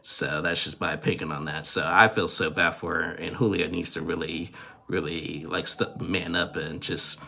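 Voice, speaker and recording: A man's voice: deep voice, fairly even intonation, normal speed, creaky, bright, forceful tone. A man casually recapping a reality show, rambling with lots of fillers and giving frank opinions.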